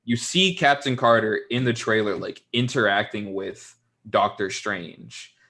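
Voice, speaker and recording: Young male co-host, low-pitched, easygoing and rambling, heavy on fillers. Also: a little slow, pushed and bright. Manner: rambling, filler-heavy, laid-back with mocking asides. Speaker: podcast co-host. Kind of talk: casual chat.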